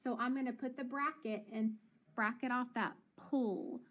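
Patient female teacher, higher voice, coaching kids through reading. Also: fairly even intonation, fairly bright tone. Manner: encouraging, sounds words out slowly. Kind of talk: phonics lesson for children.

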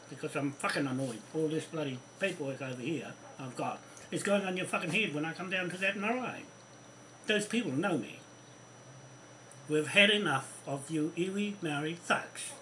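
A man's voice: fairly high pitch, bright, forceful tone, slight background noise, rough recording. A man delivering an angry, swearing rant to camera, repeating himself as he fumes. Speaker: vlogger. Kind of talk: angry ranting monologue.

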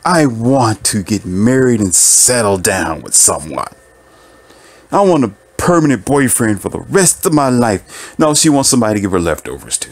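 This lowish-voiced man delivers a casual monologue of relationship advice to listeners. His style is preachy and lively, full of rhetorical questions and frequent laughter at his own points.

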